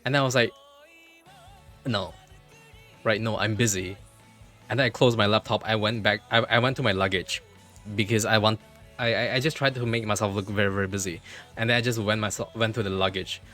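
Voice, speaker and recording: A man livestreaming from his computer, telling a story in an animated way, repeating himself and swearing freely. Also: on the low side, fast talker, soft background music.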